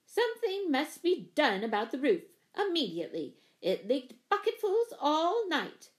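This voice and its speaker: A woman reading a storybook and voicing a fussy, indignant older woman who talks shrill, loud and accusing. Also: huge pitch swings, a little slow, full character voice.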